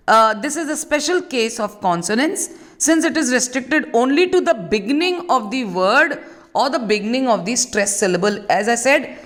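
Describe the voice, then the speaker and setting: A woman teacher is giving a recorded literature lesson. Her voice sits a little high, and she explains patiently, repeating key points and pausing on fillers as she works through each idea. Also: fairly bright tone.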